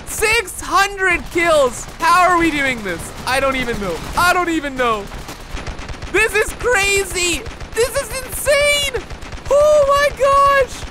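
A man giving excited video game commentary, exclaiming often and talking to his viewers. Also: extremely high pitch, background noise. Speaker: gameplay commentator. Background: game gunfire and explosions.

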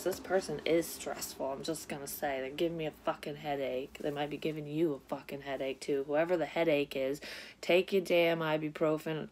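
A woman's voice: deep voice, darkish tone, a little hiss or hum. A woman giving a casual psychic reading to her viewers, blunt and rambling, swearing freely. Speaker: psychic reader. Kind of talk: casual tarot-style reading.

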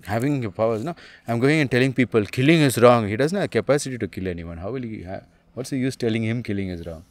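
A man, a spiritual teacher, talks casually and bluntly in an animated way, laughing often and calling the listener man and dude. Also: medium pitch, fast, no room sound.

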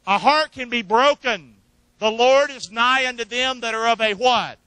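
A man's voice: very high-pitched, normal speed, pushed and bright, clean tone, dry recording, low-quality recording. A man preaching a sermon as pastor, leaving verses open for the congregation to finish and joking between points. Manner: jokes and laughs between points.

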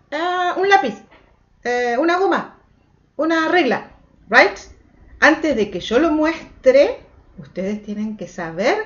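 Woman teaching English to kids, dull recording. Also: medium pitch. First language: Spanish. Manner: sing-song, mixing Spanish and English, drawn-out repetitions. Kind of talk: children's English lesson.

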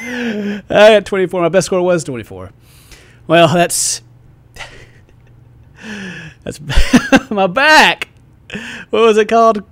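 A man giving excitable let's play commentary at home, yelping and laughing at the games he plays. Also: high voice, slow pace, pauses often. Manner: excitable, yelps and laughs at the game. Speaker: gaming YouTuber.

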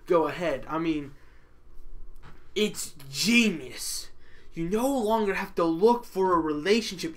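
A man's voice: high-pitched, fairly bright tone. A man giving a rambling, slangy, joking rant to camera as a vlogger.

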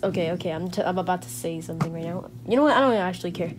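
A woman giving gameplay commentary to her viewers, swinging from low muttering to excited squealing shouts. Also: fast talker, very noisy. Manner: talks to viewers as guys. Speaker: gaming channel host.

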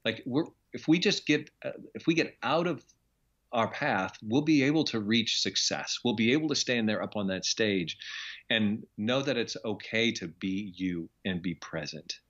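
This middle-aged man from Iowa, USA is a television journalist appearing as a guest in a casual interview, sharing his story in an earnest, reflective way. His voice is lowish and fairly bright, at a normal speed, though the recording sounds muffled.

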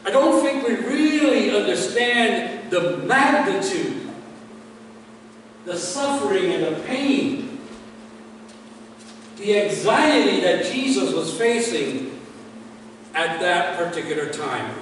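Male pastor, dramatic storytelling sermon, slow delivery, distant mic in a reverberant church. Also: high voice, expressive, slight background noise. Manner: dramatic storytelling, voice falling away at phrase ends. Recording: echoey hall from far off.

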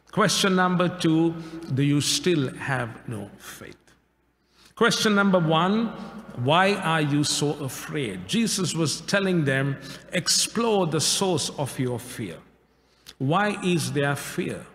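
A male pastor preaching a sermon in a measured way, with rhetorical questions and repeated phrases. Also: a little high, a bit bright. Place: church sanctuary. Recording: echoey church hall.

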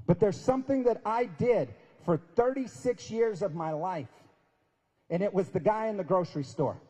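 A man's voice: high voice, lively intonation, moderate pace, warm tone, slightly rough. A man in his forties giving an inspirational talk at a prayer breakfast, telling stories conversationally and acting out quoted lines with emphasis. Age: 40s. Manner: storytelling, acts out quoted dialogue, conversational and emphatic. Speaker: speaker. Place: large event hall. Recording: long reverb of a large hall.

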